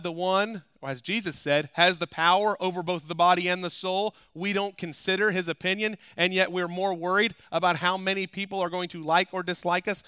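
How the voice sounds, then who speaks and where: A male pastor preaching a sermon, climbing to loud, emphatic passages and dropping to quiet asides. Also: high-pitched, clean tone, no echo, clean studio sound. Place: church.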